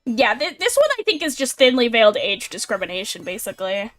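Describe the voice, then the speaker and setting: A young adult woman with a voice pitched a little high talks through posts on a casual stream. She is chatty, wry and blunt, and fills her speech with fillers. Faint music plays softly behind her. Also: big pitch swings, quick pace.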